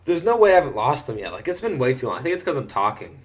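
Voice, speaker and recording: A man's voice: mid-range voice, big pitch swings, racing. A young man doing casual, profane gameplay commentary while hiccuping, breaking into exaggerated yelps. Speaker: gaming commentator.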